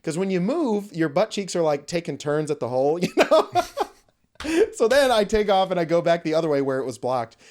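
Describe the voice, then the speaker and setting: A man's voice: a little high, very animated, brisk, darkish tone. A young man hosting a podcast, telling a story casually and with animation, swearing freely and acting out quoted voices. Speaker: podcast host.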